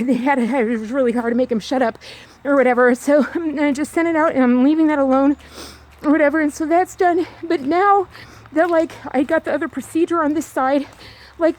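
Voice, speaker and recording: A woman vlogging outdoors on a trail, talking in a rambling, repetitive, fast way while she walks. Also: sits high, darkish tone. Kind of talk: rambling walk-and-talk vlog.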